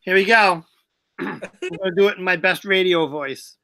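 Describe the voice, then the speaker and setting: Giggly bright-voiced woman host. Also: fairly low pitch, moderate pace. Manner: playful, breaks into giggles while reading. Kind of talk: casual live-stream chat.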